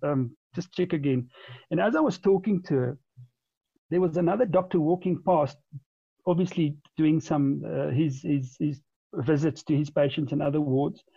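In a lo-fi, dull recording with no echo, a forties-aged man shares a lengthy story as a podcast guest at a moderate pace. His voice is husky and gravelly, a bit high in pitch with a dark, mellow quality, and he keeps stumbling on repeated words and restarting.

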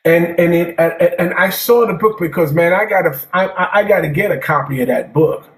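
He's a jazz drummer guest telling stories in a casual interview, talking a little fast in a high voice. His talk rambles, with repeated words and plenty of "man," and the recording is echoey.

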